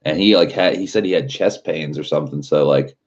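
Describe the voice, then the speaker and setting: Man, very deep voice, casual live stream chat, rambling with fillers and swearing, muffled lo-fi audio. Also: brisk. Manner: loose rambling, heavy on filler words and swearing.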